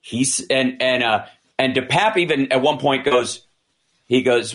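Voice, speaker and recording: A commentator with a medium-pitched voice speaks at normal speed in a casual discussion. He retells events animatedly, acting out quoted dialogue, with frequent restarts and fillers.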